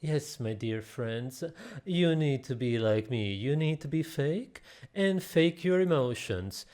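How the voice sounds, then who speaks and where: A man putting on a falsely calm, smug guru voice, slow and sugary, with a soft, mid-range tone. It comes across as syrupy and self-satisfied, as a commentator mocks someone. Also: mid-range voice. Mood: mocking. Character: mocking parody of a smug, falsely calm male wellness guru.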